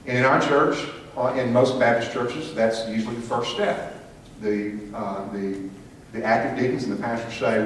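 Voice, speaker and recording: A man's voice: mid-range voice, fairly quick. Man teaching a church class, echoey. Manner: asks the class questions, calls on people by name. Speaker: Sunday school teacher. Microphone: room mic from a distance. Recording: echoey room from far off, faint hiss.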